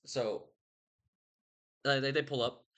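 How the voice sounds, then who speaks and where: A man's voice: mid-range voice, fairly even intonation, slow, fairly bright tone. A young man rambling casually about a book he read, slangy and profane. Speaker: host.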